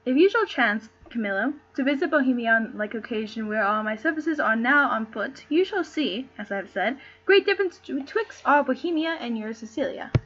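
A courtly lord of old verse, formal and measured, read aloud by a woman. The voice sits high and a little breathy, and the dull, lo-fi sound of a home stream surrounds it. The lines come out plainly, with small stumbles. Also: lively intonation, fairly bright tone.

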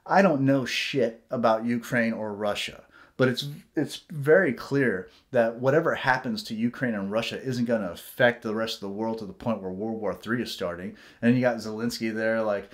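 A man rants to camera in a solo vlog, his voice pitched in the middle of the male range. He gets heated, swears freely and drifts off on tangents. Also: animated, moderate pace. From United States. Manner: heated, profane ranting with tangents and mocking quoted voices. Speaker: vlogger.

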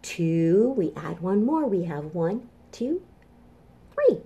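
Animated sing-song woman librarian, warm. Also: on the low side, slow. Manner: cheerful, sing-song, speaking to small children. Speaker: children's librarian. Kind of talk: storytime for toddlers. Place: home kitchen.

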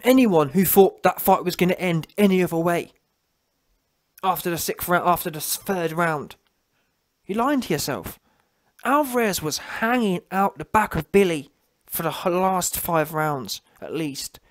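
A man's voice: high-pitched, animated, unhurried. A young man ranting mockingly as a channel host, slipping into a whiny voice to mimic people. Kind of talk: ranting commentary.

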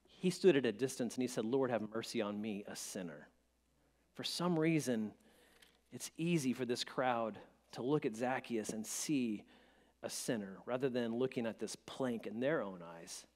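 A man preaching a sermon as pastor, dropping to a hush and then rising to emphatic peaks, with stammering restarts. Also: mid-range voice, normal speed. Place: church sanctuary. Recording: long church-hall reverb.

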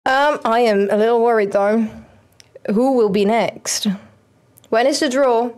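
A young woman, streaming a football manager game and chatting excitedly at it. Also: on the high side, measured pace, smooth. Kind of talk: casual game commentary.

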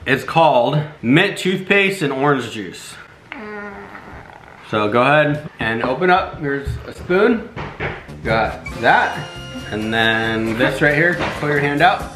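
A man's voice: medium pitch, lively intonation, slow. A man hosting a casual family vlog taste test, teasing and announcing each round like a game show. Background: background music.

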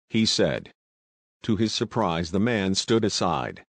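A man narrating a novel aloud in a steady, measured reading voice. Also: deep voice, breathy edge, no room sound. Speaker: audiobook narrator. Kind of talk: scripted narration.

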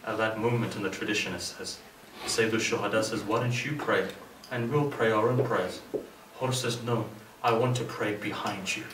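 In an echoey mosque hall, a distant mic captures a man speaking in British English with a lowish voice, fairly even intonation and a normal pace, over a noisy background. He is narrating a majlis sermon, telling the story dramatically and taking on the voice of each character.

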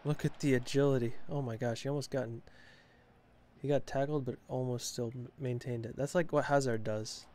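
A young man giving casual, chatty commentary while playing a football video game, talking to himself with quick exclamations. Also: mid-range voice, fairly even intonation, a little mellow, slight background noise. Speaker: gaming channel host.

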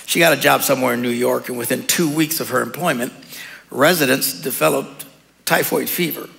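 A man's voice: medium pitch, a little fast, vocal fry, fairly bright tone. A man preaching a sermon as pastor, in a casual, joking way with frequent laughs. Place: church hall. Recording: long hall reverb.

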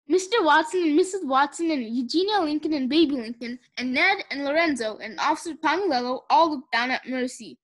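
A woman narrating a children's storybook aloud, expressive and playing the characters. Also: sits high, fairly quick, hardly any pauses. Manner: expressive, does character voices. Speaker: audiobook narrator.

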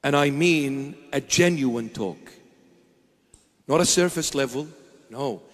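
A man's voice: medium pitch, slow, in a large hall. A man preaching a sermon as a bishop, emphatic, firing off repeated rhetorical questions.

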